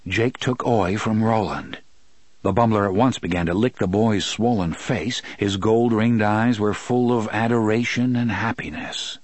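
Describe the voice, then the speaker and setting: Low, husky male audiobook narrator. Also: moderate pace, no room sound. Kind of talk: scripted narration.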